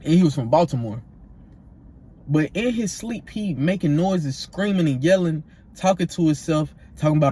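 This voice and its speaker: Animated young guy telling a story. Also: on the high side, moderate pace, husky. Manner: animated slangy storytelling with repeats. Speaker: vlogger. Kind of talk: storytime vlog.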